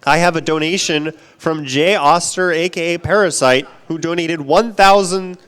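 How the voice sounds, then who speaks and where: A man's voice: a little high, moderate pace, fairly bright tone, smooth. A man with a slightly raised voice reads donation messages aloud at a live gaming marathon. He sounds upbeat and keeps pushing the audience to give toward the next goal. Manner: upbeat, urging viewers to donate. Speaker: donation reader. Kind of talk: live charity stream donation reading. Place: event stage.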